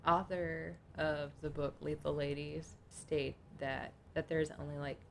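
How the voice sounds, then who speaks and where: A woman's voice: deep voice, level tone, measured pace, creaky, a little hiss or hum. A young adult woman co-hosting a podcast in casual chat, reading notes aloud in a chatty, informal way. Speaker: podcast co-host.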